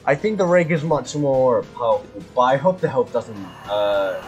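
A man's voice: mid-range voice, expressive, moderate pace, darkish tone, soft background music. A man casually commenting while he plays a game, laughing often and breaking into panicky repeated cries when he is chased. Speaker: gaming video host. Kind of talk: casual let's-play commentary.

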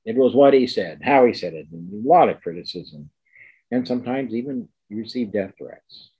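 Emphatic older male lecturer, lively pitch. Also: husky, dull audio. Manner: emphatic, repeats key words, slows down for stress. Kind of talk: academic lecture.

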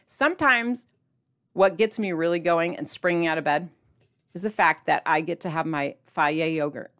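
A woman's voice: lively intonation, fairly quick, fairly bright tone. Chatty playful woman vlogger. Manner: chatty and playful, jumps in pitch for emphasis. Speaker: diet vlogger addressing viewers. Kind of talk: casual to-camera vlog.

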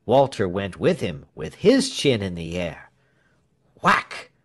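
A man reading a storybook aloud as narrator. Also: sits low. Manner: slow, lively storytelling with shifting character voices. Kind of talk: storybook reading with acted voices.

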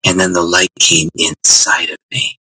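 A man with a bright, husky voice tells his testimony, animated and stumbling over restarts as he goes. The delivery is lower-pitched, and the sound is dry and close. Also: moderate pace, dry recording, poor audio. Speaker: guest author. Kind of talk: interview storytelling.

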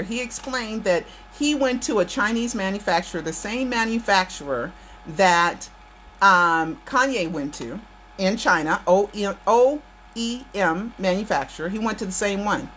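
A woman's voice: fairly low pitch, fairly bright tone, slight background noise. A woman from the United States hosting her channel, ranting emphatically to her viewers and repeating her points for force. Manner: emphatic, repeats phrases, addresses viewers directly. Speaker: channel host. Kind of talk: impassioned political rant to viewers.

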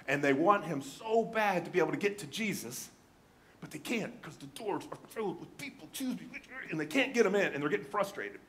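Guy pastor preaching, animated storyteller, high voice that swings all over. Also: fairly quick. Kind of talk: sermon.

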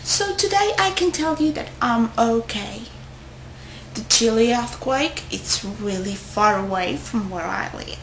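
A young woman vlogging casually to her friends, rambling and excitable, often stopping to correct herself. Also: a little high, unhurried, slight background noise. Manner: rambling, excitable, with self-interruptions. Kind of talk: casual chat to camera. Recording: echoey room.

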